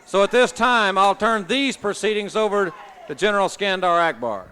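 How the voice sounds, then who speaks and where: Casting: male ring announcer, very high voice, formal, crowd noise and an old noisy broadcast. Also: moderate pace, pushed and bright. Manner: formal, projecting. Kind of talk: TV wrestling announcing.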